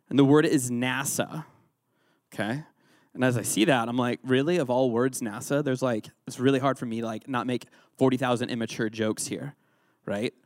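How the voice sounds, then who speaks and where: A man's voice: mid-range voice, no room sound, studio quality. A man leading an interactive Bible lesson as a youth pastor, quizzing his listeners and joking along the way. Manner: playful, joking, quizzes the audience.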